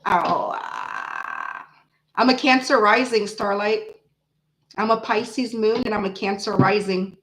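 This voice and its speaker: A woman in her forties hosting a casual tarot livestream, chatting with viewers in an animated, blunt way, swearing freely and laughing often. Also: mid-range voice, normal speed, slight background noise, rough recording. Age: 40s. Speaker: tarot reader host.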